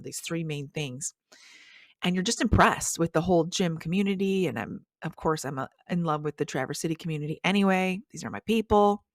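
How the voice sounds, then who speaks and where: A woman hosts a faith-based podcast, sharing a personal story with earnest emotion. Her voice sits on the lower side for a woman. The recording is dry and close-miked, with no room sound. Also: dry recording. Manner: earnest, emotional, animated retelling with quoted voices. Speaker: podcast host.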